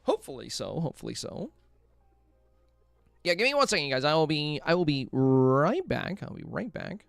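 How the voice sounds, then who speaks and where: A man chats casually on a home livestream, reading out viewer comments and replying to them. His pitch moves around a lot as he talks. Faint music plays behind him. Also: big pitch swings, normal speed, vocal fry, fairly bright tone, dry recording, clean studio sound. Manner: chatty, reads viewer comments aloud and answers them. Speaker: livestream host.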